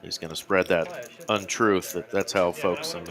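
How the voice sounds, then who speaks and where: Brief: lowish male co-commentator, dry wisecracks. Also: steady tone, moderate pace, a crowd in the background. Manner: wisecracking, laughing. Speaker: poker co-commentator. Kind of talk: live poker commentary.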